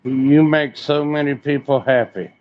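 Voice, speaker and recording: A man's voice: fairly high pitch, fairly even intonation, measured pace, highs cut off. Joking man. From West Virginia. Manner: blunt, joking. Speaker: guest. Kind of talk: casual chat.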